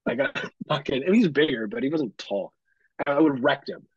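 A man co-hosting a podcast, telling a story in casual chat, animated and full of swearing. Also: mid-range voice, normal speed, slightly rough, no room sound. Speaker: podcast co-host. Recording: dull lo-fi sound.

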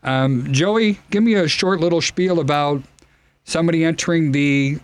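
A man with a Chicago accent hosting a radio talk show, reading out plugs and phone numbers in a brisk, friendly way. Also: a little high.

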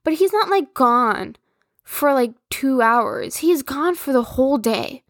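A woman's voice: high voice, very animated, slow, no room sound, studio quality. Blunt, swearing young woman ranting. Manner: blunt, profane, exasperated storytelling. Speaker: podcast host. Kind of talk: casual solo rant.

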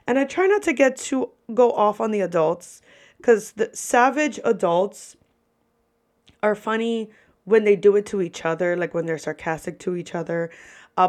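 A young woman, a podcast host who works as a server, telling stories in a casual, animated way and swearing freely. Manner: animated, profane, lively pitch swings. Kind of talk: casual storytelling.

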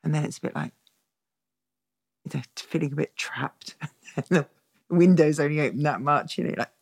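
A woman's voice: sits low, moderate pace, gravelly, breathy edge. A middle-aged woman, a therapist being interviewed, tells her own story candidly and bluntly. She acts out the voices of other people and swears freely. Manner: lively and blunt, acts out quoted dialogue, swears freely, laughs often.

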